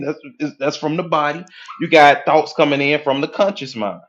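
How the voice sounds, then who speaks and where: Animated man lecturing at a whiteboard. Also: a little high, normal speed, muffled recording, slight background noise. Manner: animated, acts out inner voices with casual profanity. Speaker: hypnotherapy coach.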